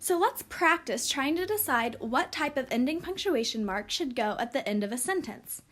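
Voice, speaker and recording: A woman teaching a recorded lesson, speaking slowly and clearly for young children. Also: high voice, expressive, fairly bright tone.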